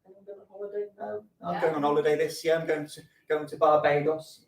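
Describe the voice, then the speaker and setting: A man's voice: on the high side, fast talker, gravelly. A man doing camp, bawdy stand-up comedy on a stage, slipping into put-on voices for his stories. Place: theatre stage at a fringe festival. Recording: echoey live room, voice from a distance.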